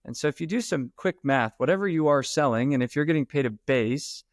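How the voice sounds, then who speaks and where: Animated man, dry close sound. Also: a little high, a little fast, no room sound. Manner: emphatic and animated, casual slang. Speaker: author and sales trainer, guest. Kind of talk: casual podcast interview.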